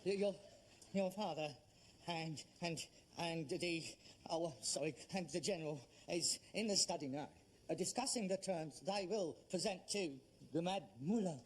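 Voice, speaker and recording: Actor as exasperated bloke, lively high voice, hissy old TV recording. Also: male voice, unhurried, close to an everyday voice. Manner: exasperated, stumbling through stiff stage lines. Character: frustrated working-class son with stage ambitions. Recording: noisy old TV soundtrack.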